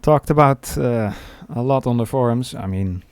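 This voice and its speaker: A man commentating a sim race, calling the action with many pauses and fillers. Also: medium pitch, a little mellow, no room sound. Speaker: lead commentator.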